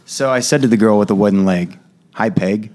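A man's voice: on the low side, quick pace, a little mellow. A man chatting as a guest, easygoing and upbeat as he trades jokes. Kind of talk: casual chat.

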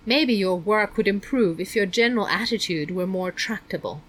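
A woman's voice: medium pitch, moderate pace, a bit bright, natural voice. A woman voicing a stern, prying middle-aged male school principal who lectures and talks down to a student. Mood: exasperated. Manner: lecturing, condescending.

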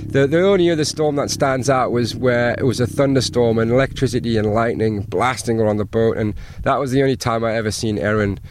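A man, a sailboat captain, telling lively stories in a casual interview and acting out the things people said. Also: medium pitch, brisk, few pauses, background noise. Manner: animated anecdotes, acts out quoted exchanges. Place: outdoors by an anchored sailboat.

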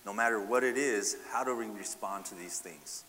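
A man's voice: on the low side, normal speed, pushed and bright, long reverb tail, slight background noise. A man preaching a sermon, asking the congregation rhetorical questions and often adding "right?". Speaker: pastor.

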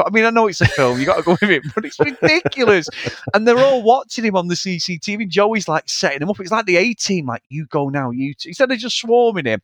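A man with a high-pitched voice, on a dry recording, co-hosts a casual film review podcast. He's sweary and animated, mocking things and doing mocking impressions.

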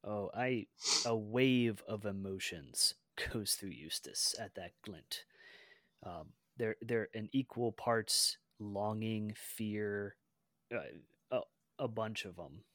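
A man playing a tabletop game, speaking formally and deliberately in character. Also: on the low side, fairly bright tone, dry recording, clean studio sound. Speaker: player.

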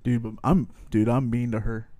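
A man's voice: medium pitch, steady tone, moderate pace, dark tone, dry recording. A young man in casual podcast chat, telling rambling stories with swearing and frequent laughs. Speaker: podcast co-host.

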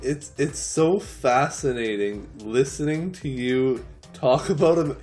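A man's voice: medium pitch, slow pace, a little mellow, soft background music. A young man co-hosting a casual podcast, teasing and laughing along with his friend. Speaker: podcast co-host. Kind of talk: casual chat.

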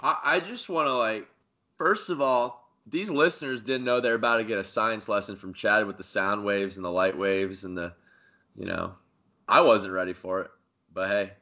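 A young man co-hosting a sports podcast, full of excitable, joking banter. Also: fairly low pitch, moderate pace. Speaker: podcast co-host. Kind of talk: casual sports podcast chat.

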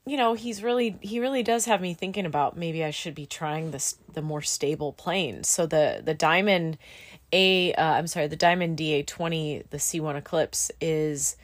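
Candid lower-voiced woman, chatty. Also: moderate pace. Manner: candid, emotional, filler-heavy with lots of "like" and "dude". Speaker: student pilot. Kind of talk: casual chat.

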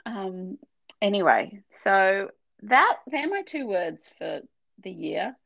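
A middle-aged woman, chatting on a podcast in a heartfelt, meandering way with frequent restarts. Her voice has a gravelly, fry-touched edge. The sound is close and dry, with little room echo. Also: medium pitch, very animated, slow pace, a bit bright, highs cut off. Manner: tearful, heartfelt, rambling with restarts. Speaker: podcast co-host. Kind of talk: casual faith podcast chat.

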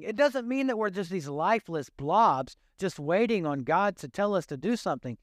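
A man preaching a sermon, animated and self-deprecating, trailing off into rambling asides. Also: high voice, moderate pace, few pauses, no echo, studio quality. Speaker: pastor.

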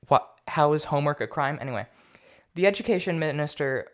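A man's voice: fairly high pitch, expressive, fast talker. A young man hosting a solo political commentary podcast, talking casually with a sarcastic edge. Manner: casual, sarcastic, stumbles over foreign names. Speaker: podcast host.

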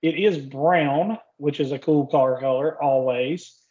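A man with a Southern US accent, co-hosting a casual car podcast in a relaxed, joking way with many fillers. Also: on the high side, takes it slowly. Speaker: podcast co-host. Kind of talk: casual chat. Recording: dull lo-fi sound.

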